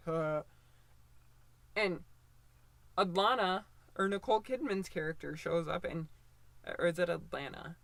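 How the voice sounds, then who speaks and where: Twenty-something woman ranting casually about shows, lots of likes and restarts, slow pace, dry sound. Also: on the low side, gravelly, fairly bright tone, no echo. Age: 20s. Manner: opinionated, rambling with many fillers and restarts. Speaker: commentator. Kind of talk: casual commentary video.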